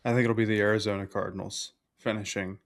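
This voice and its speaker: A young man appearing as a guest on a sports podcast, giving measured, analytical football takes with plenty of fillers. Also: on the low side, level tone, creaky.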